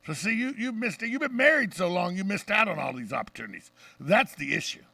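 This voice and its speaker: A middle-aged Southern man hosts a talk radio show, bantering and telling jokes. His voice is bright and gravelly. The sound is dry, and he sits a bit back from the mic. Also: sits high, big pitch swings, no echo, recorded from a distance. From Deep South of the US. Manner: brash, joking, fast-talking storyteller.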